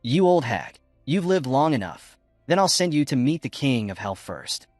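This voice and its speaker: A man's voice: medium pitch, sing-song, moderate pace, no echo, soft background music, lightly acted. A man voicing a cowardly young bully who snarls threats and whines when hurt. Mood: snarling.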